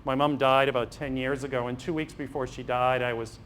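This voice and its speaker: A middle-aged man from Massachusetts, USA, who is both a priest and a physician, gives an anecdotal talk in a parish hall, acting out dialogues with humor. His mid-range voice is level and fairly bright, his pace fairly quick, with a little hiss or hum in the recording.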